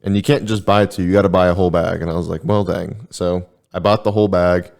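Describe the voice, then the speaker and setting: A young man co-hosting a podcast, chatting casually with a relaxed, rambling, deadpan manner. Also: low-pitched, fast, gravelly. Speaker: podcast co-host. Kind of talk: casual chat.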